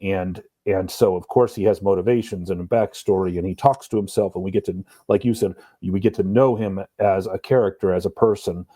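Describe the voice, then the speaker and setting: A man co-hosting a podcast, talking through a book in a thoughtful, measured way. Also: deep voice, fairly even intonation, mellow, no echo. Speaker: podcast co-host. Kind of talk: casual book discussion.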